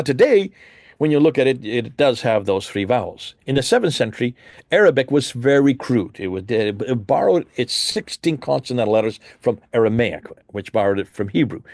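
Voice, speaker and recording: A man delivers an emphatic lecture, his voice rising and falling in lively swings as he fires rhetorical questions at the audience. The sound is close and dry, with little room around it. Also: medium pitch, dry recording. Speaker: Christian apologist presenter. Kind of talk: lecture presentation with slides.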